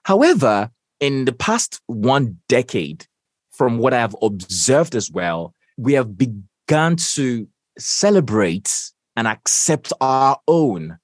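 A young Nigerian man speaks with a Nigerian accent, his pitch rising and falling in a lively, animated way as he stresses key phrases. He sounds measured and emphatic, recorded close and dry with no room around him. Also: no echo. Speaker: voiceover artist guest. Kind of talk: interview answers.

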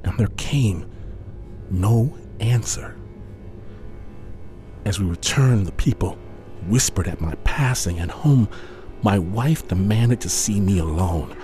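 Man reading a solemn first-person tale, slow and grave, soft music behind. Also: lowish voice, expressive. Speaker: storyteller. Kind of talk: dramatic first-person narration.

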